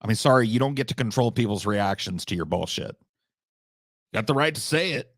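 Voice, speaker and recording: A man's voice: fairly low pitch, expressive, a little fast, dry recording, studio quality. A man giving casual reaction commentary on a video, sarcastic, profane and exasperated.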